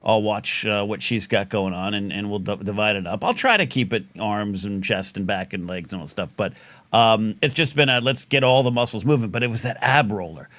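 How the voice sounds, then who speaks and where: A man's voice: lowish voice, a little fast, fairly bright tone, dry recording. Male talk host in his forties, self-deprecating rambler, dry booth sound. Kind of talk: casual live talk show banter.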